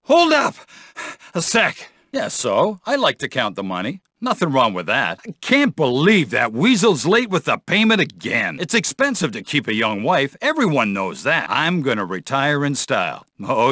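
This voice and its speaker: A sneering corrupt cop. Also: male voice, medium pitch, wildly swooping pitch, a little slow, sharp tone, no echo, clean studio sound, exaggerated voice. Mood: smug. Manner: gruff, sneering and menacing. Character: corrupt, bullying middle-aged male police officer. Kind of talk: video game voice lines. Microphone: studio mic.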